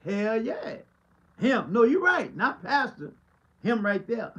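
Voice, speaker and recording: A pastor with a high, husky, sing-song voice preaches a street-style podcast monologue slowly, leaving long pauses, on poor audio. He's emphatic and rhetorical, repeating lines and laughing between points.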